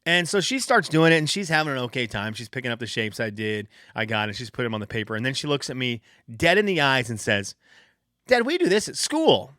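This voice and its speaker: A man's voice: medium pitch, fast, few pauses, dry recording, clean studio sound. A man, hosting a casual solo podcast and telling stories animatedly, acting out what his kids say. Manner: animated storytelling, acts out quotes of his kids. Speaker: podcast host.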